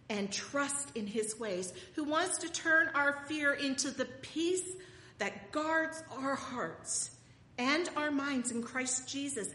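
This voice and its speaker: Slow earnest woman preaching in an echoey hall. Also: a little high, fairly bright tone. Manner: slow, earnest, tender preaching that swells on key points. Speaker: speaker. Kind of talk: sermon with prayer. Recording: echoey hall with long reverb, faint room noise.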